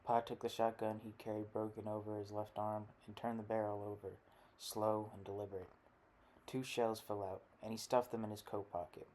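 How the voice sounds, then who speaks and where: Male narrator for literary fiction audiobook, deep, monotone, dark timbre. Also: moderate pace, a little hiss or hum.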